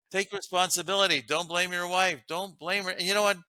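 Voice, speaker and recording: A man's voice: sits high, fairly even intonation, brisk, bright, forceful tone, no room sound. A man, a guest author, talking earnestly about relationships and laughing often as he makes his points. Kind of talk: casual interview talk.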